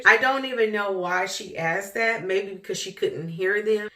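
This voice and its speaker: Animated woman telling a story. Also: mid-range voice, a little slow, vocal fry. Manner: animated, laughs often while telling. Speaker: vlogger. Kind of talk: casual storytelling. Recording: echoey room.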